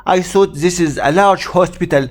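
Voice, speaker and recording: A man with an Egyptian accent acting out a furious middle-aged male patient who shouts in indignant, exasperated outbursts. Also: high-pitched, moderate pace, pitched above the performer's own voice, natural voice. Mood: angry.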